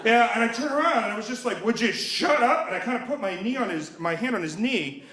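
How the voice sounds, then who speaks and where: A man's voice: sits high, animated, fast talker, a bit bright, reverberant. A man in his thirties telling a personal story live, wry and self-mocking, acting out the voices of the people in it. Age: 30s.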